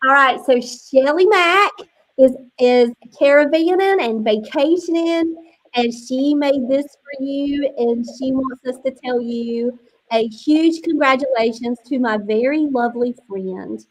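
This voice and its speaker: A woman's voice: sits high, unhurried, rough recording. A woman hosting an online book launch on a video call, chatty and emotional, close to tears.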